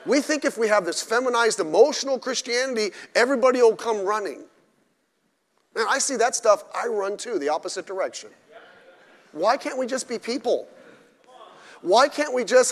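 Animated high-voiced preaching man. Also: normal speed. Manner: emphatic, blunt, with mocking asides. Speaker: pastor. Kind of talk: sermon. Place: church during a midweek service. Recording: echoey church hall.

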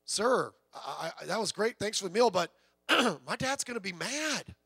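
A man's voice: high-pitched, very animated, a little slow, creaky, bright, forceful tone, breathy edge, no room sound, studio quality, heavily acted. A preacher doing a flustered young farm boy. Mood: anxious. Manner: flustered, stammering pleading. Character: anxious young farm boy, dutiful and worried.

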